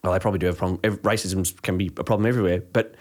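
A man's voice: low-pitched, fairly even intonation, racing, darkish tone. A man in casual podcast chat, ranting heatedly with frequent swearing and restarts. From Australia.

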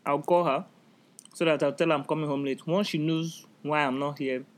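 Young woman, podcast co-host, blunt, foul-mouthed, animated storyteller. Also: sits low, normal speed. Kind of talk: casual chat.

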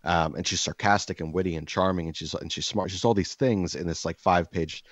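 Low-voiced male storyteller, animated and profane, recorded dull and lo-fi. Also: a little fast, no room sound. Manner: animated, profane, acts out dialogue. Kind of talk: personal storytelling monologue. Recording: dull, dry lo-fi sound.

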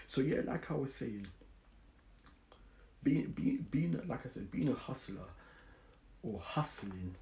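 A man's voice: fairly low pitch, a little mellow. Man, podcast host, motivational monologue, earnest, repeats words, echoey room. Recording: roomy echo with clear background noise.

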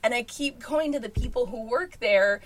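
A woman's voice: a little high, moderate pace. A woman host telling a comic story in casual chat, exasperated and swearing often, laughing as she goes.

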